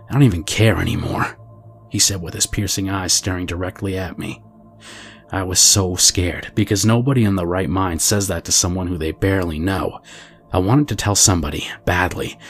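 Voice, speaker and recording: Deep-voiced man narrating a scary story. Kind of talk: scripted narration of a reader's true story.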